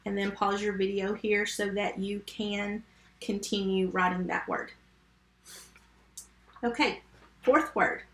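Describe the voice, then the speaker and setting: A woman teaching a first grade phonics lesson remotely, sounding out words slowly and giving patient step-by-step instructions. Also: medium pitch, steady tone, a bit bright, reverberant.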